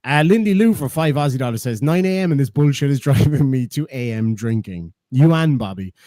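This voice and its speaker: A man's voice: medium pitch, lively intonation, a little fast, warm tone, no room sound. Sardonic man reading chat. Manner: profane, sardonic, reads donations aloud. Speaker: streamer host reading chat donations. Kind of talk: casual live-stream chat.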